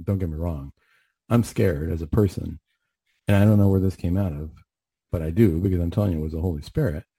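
Male radio host and clinician, lowish pitch, mellow and husky, earnest conversational storyteller, dry close sound. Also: dry recording. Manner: earnest, conversational, repeats and restarts phrases. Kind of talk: storytelling on a faith radio show.

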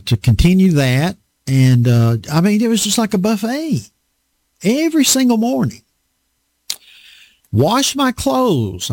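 A man's voice: high-pitched, vocal fry, a little mellow. A man with a Southern US accent preaching a sermon in a folksy, storytelling way, rambling with fillers. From American South.

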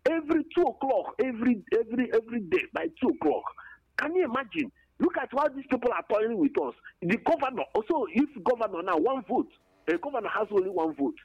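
A man's voice: very high voice, very animated, quick pace, no echo. A man with a Nigerian accent calling in to a radio show, pleading emotionally and repeating himself. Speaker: radio caller. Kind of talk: impassioned call-in complaint. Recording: muffled phone line.

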